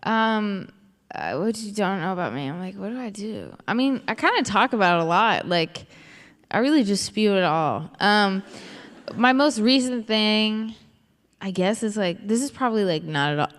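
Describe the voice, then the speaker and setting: A woman's voice: medium pitch, expressive, moderate pace. A woman in her twenties, a singer and actress being interviewed on stage, rambling with lots of filler words. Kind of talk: onstage conversation. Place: live event stage. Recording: long hall reverb.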